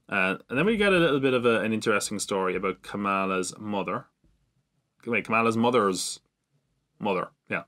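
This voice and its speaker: Male podcaster, chatty solo recap, slightly low voice with a sharp edge. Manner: chatty, rambling, with frequent fillers and self-mocking laughs. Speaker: podcast host. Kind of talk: casual solo TV episode recap.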